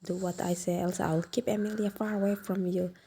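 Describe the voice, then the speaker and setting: A woman's voice: on the low side, level tone, brisk, warm tone, a little hiss or hum, close to an everyday voice. A woman voicing a frightened young mother who pleads to protect her child. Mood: pleading. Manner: pleading, upset.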